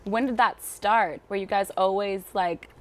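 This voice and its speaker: Brief: friendly-sounding woman host, mid-pitch, meandering questions. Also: measured pace. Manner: rambling questions with fillers. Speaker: interviewer. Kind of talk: casual interview. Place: studio.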